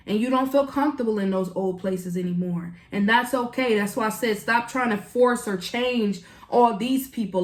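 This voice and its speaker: A woman giving an earnest, emotional tarot reading, speaking straight to the viewer in a casual way. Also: mid-range voice. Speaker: tarot reader. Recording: echoey room.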